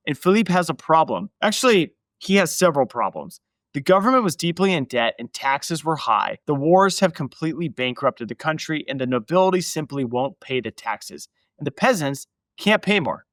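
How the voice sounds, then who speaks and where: A man's voice: medium pitch, fairly bright tone, no echo. A man hosting a podcast, narrating history in a casual, emphatic way with asides to his listeners. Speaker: podcast host.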